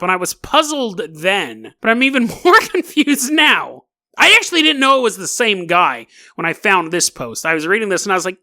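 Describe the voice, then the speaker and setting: Lively, bright-voiced male podcast host. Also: high-pitched, normal speed. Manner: animated, mocking, laughs often while reading. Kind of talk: comedic podcast monologue.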